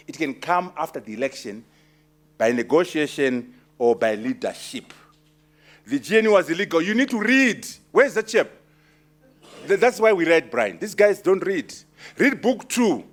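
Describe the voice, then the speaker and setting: Male author from Zimbabwe, emphatic and teasing in Q&A, fairly high animated voice. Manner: forceful, teasing, emphatic repetition. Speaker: author at his book launch. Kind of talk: lively Q&A talk.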